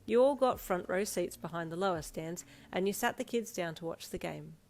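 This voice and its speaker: A woman narrating a second-person fan fiction story in an expressive storytelling manner. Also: on the low side, moderate pace.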